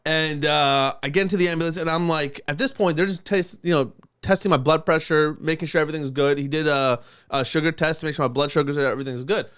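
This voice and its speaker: A man's voice: on the high side, fast talker, clean tone. A young man on a podcast, telling a long story in casual chat, swearing a lot and laughing as he goes. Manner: animated storyteller, swears often, laughs through lines. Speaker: podcast co-host.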